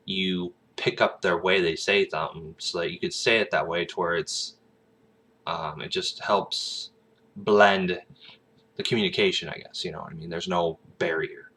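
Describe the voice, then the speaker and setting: A man's voice: fairly even intonation, moderate pace, sharp tone. A man with a Southern American accent, an aspiring actor, talking in a casual, rambling vlog with plenty of fillers and restarts. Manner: breaks into brief high-pitched accent imitations.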